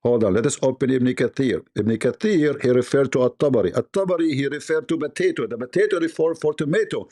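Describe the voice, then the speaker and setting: Sarcastic man with a mellow voice. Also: mid-range voice, fast talker, hardly any pauses. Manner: sarcastic, laughing often, mimics voices. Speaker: livestream host. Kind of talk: mocking commentary.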